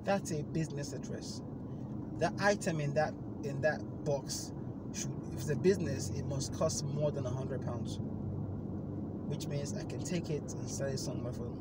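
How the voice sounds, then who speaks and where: A podcast host tells a story in casual chat from inside a car, with road noise behind him. He speaks at normal speed and is animated, bursting out loud and high when he acts out the phone call.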